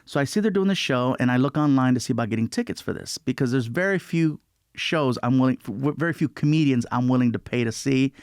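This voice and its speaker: Man, comedian guest, animated storytelling, mid-pitched, dry close sound. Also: quick pace, clear, resonant tone, no echo. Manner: animated, acts out quotes in put-on voices. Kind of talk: storytelling chat.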